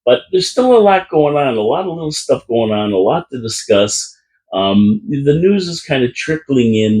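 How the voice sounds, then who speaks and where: A man's voice: mid-range voice, a little mellow. Goofy rambling man hosting. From Canada. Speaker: podcast host. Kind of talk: casual fan chat. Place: small room with a co-host. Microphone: desk mic.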